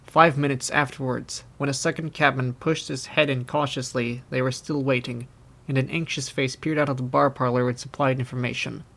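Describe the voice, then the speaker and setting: A man's voice: medium pitch, fairly even intonation, moderate pace, vocal fry, a bit bright. Young man narrating an audiobook. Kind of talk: scripted narration.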